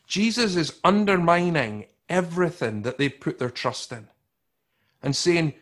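A man preaching with a slightly raised pitch, loud and emphatic one moment and hushed and slow the next. He talks to his congregation conversationally and often repeats or restarts his words. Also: expressive. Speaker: pastor. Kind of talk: sermon.

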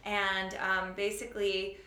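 A woman's voice: mid-range voice, completely flat delivery, bright, forceful tone, a little hiss or hum. Chatty wry woman telling stories. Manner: chatty, quick storytelling with wry humor. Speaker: author and show creator guest. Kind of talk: casual interview chat. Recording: echoey room.

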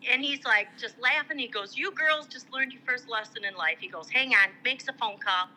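A woman's voice: a little high, moderate pace, a little hiss or hum, poor audio. A middle-aged woman from Michigan telling a long personal story in casual chat, acting out the voices of people she quotes. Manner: animated, acts out quoted voices. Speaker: guest.

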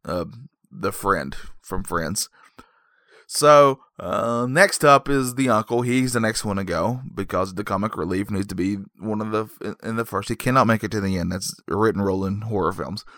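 A man's voice: on the low side, no room sound, clean studio sound. Rambling man recapping a horror film. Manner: rambling, deadpan asides. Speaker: movie reviewer. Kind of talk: comedic movie recap.

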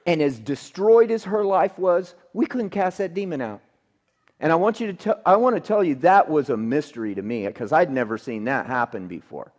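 A man preaching a sermon, telling a story that swings between emphatic outbursts and hushed, quiet passages. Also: a little high. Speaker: pastor.

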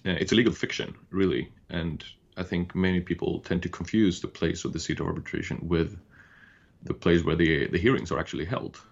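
A man's voice: low-pitched, fairly quick, creaky, husky, dull audio. A man from Sweden in his thirties, co-hosting a podcast and explaining legal ideas in a thoughtful way with many restarts. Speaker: podcast co-host. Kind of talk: casual podcast chat and explanation.

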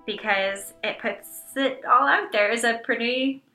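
A woman co-hosting a casual podcast chat, reacting playfully and warmly to her co-host. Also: fairly high pitch, unhurried, roomy sound, soft background music, rough recording.

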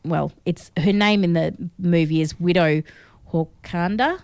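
An Australian woman co-hosts a film review podcast, chatting casually with strong opinions and plenty of fillers. Her voice is on the low side and darkish, clear and resonant, a little slow, with no room sound.

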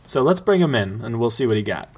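Man, mid-pitched voice, casual podcast chat, thoughtful, rambling. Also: big pitch swings, fast talker. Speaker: podcast host.

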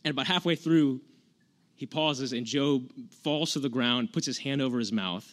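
A male preacher giving a relaxed, conversational sermon. He speaks at a middle pitch and retells old stories in modern, casual phrasing. He often restarts his sentences as he searches for words. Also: moderate pace. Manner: conversational, earnest, retells scripture in everyday words. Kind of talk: informal sermon.

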